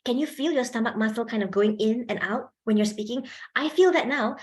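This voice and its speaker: A woman's voice: on the high side, a little fast. A young woman giving a chatty public speaking workshop to students, asking them questions and laughing often. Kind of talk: lively seminar talk to students.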